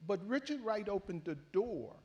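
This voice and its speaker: Older man, fairly high voice, halting reflective storytelling, elder activist, oral history interview. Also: expressive, a little mellow, dull audio. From Philadelphia. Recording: handheld mic in a panel setting.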